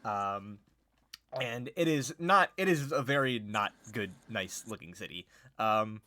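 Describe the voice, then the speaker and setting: A man's voice: lowish voice, expressive, a little slow, pushed and bright, dry recording. A young man narrating a tabletop game as game master, casual and rambling with lots of fillers.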